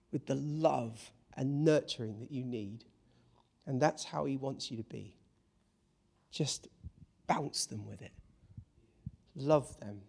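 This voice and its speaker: A British man preaching a lively sermon, playful and animated, swinging from hushed asides to exclaiming. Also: mid-range voice, vocal fry.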